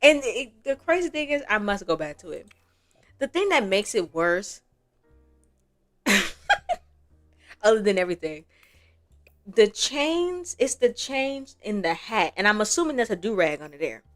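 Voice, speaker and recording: A woman's voice: medium pitch, sing-song, a little slow, pauses often, soft background music. A young woman giving casual gameplay commentary as a gaming creator, chatty and rambling, laughing often.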